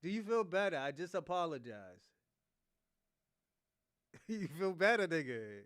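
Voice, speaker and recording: A man's voice: fairly high pitch, animated, a little slow, fairly bright tone, dry recording, clean studio sound. A man from Boston hosting a casual live chat, teasing and laughing often. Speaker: livestream host.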